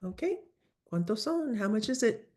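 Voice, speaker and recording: A woman teaching a lively online language lesson, coaching students through phrases over a video call. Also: on the high side, normal speed. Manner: lively, coaching, switches between English and Spanish phrases. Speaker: Spanish teacher.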